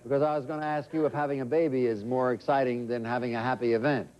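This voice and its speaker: A man hosting a quiz show in a TV studio, joking with contestants and reading questions briskly. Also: medium pitch, fairly even intonation. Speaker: game show host. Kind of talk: quizmaster patter. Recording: dull, noisy old TV audio.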